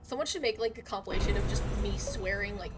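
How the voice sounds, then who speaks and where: A young adult woman streaming a game live, chatting casually and swearing constantly, with loud outbursts. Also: medium pitch, fast talker, very noisy. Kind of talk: casual gaming livestream chat.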